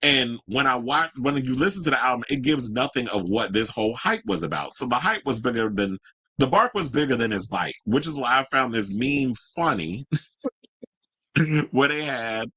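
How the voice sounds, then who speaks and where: A man's voice: medium pitch, animated, moderate pace, pushed and bright, husky, poor audio. A man hosting a casual solo pop culture commentary show, chatty and sassy with rambling asides.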